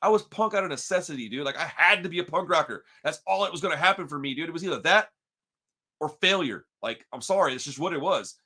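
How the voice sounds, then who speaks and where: "Dude" and "bro" pepper nearly every line as this animated Texan podcast co-host talks fast through a story. His voice is fairly high, bright and forceful, and his chat is casual and full of slang.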